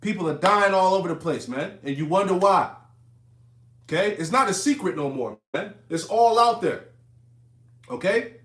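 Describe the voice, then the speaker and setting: A man's voice: sits high, lively intonation, moderate pace, pauses often, a bit bright, roomy sound. A man giving a casual, profane, emphatic Bible teaching, reading verses and riffing on them conversationally.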